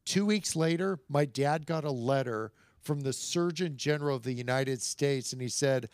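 A man's voice: medium pitch, normal speed, few pauses, no room sound. A middle-aged man, a guest on a podcast, telling stories in casual conversation and acting out the voices in them. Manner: animated storyteller, acts out quoted dialogue, chuckles between lines.

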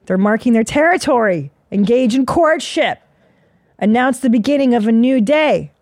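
Woman host, 40s, gravelly and dry, swears freely in a rambling solo monologue. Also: fairly high pitch, lively intonation, normal speed, darkish tone, no room sound. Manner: profane, rambling, self-mocking. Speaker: podcast host.

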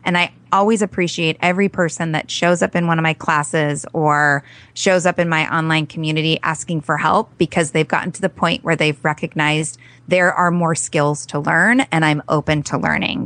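A woman's voice: deep voice, moderate pace, few pauses, a bit bright, no room sound. A woman parent coach talking earnestly in a podcast interview, telling stories with acted-out quotes.

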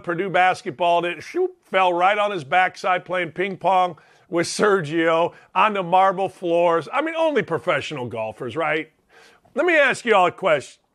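A middle-aged man with a high, fairly bright voice hosts a sports talk show. He rambles through a brash monologue and calls out to viewers in the chat.

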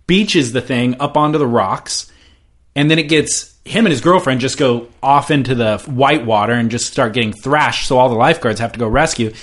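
Male co-host, mid pitch, animated and teasing. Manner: animated, teasing banter with emphatic stresses. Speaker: podcast co-host. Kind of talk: casual surf chat.

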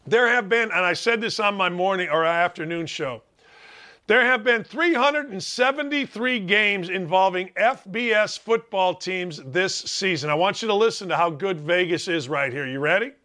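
A middle-aged man riffing as a sports talk host with a high, bright, ringing voice. He talks in animated, sarcastic bursts, jumping from shouted disbelief to low mutters. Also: normal speed. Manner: animated, sarcastic, swings between loud outbursts and asides. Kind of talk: opinionated sports radio talk.

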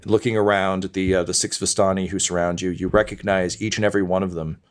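A man's voice: low voice, flat delivery, fast. A man narrating as game master in loose, joking talk with many fillers.

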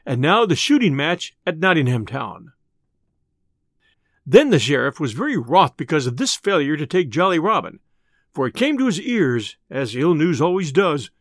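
A man narrating a storybook tale in an expressive, old-style storytelling manner. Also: on the high side, dry recording, studio quality.

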